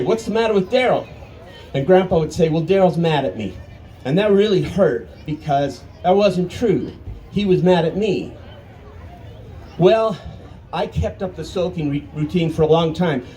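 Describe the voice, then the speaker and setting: A man in his fifties telling a family story on stage at an arts festival, in a folksy, animated way with dramatic pauses. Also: a little high, low-quality recording. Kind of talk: live storytelling.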